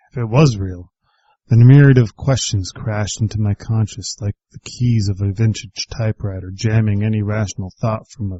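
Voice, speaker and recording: A man with a warm, mellow, fairly low voice tells a first-person story, reflective and wry. The recording is dry and a bit dull.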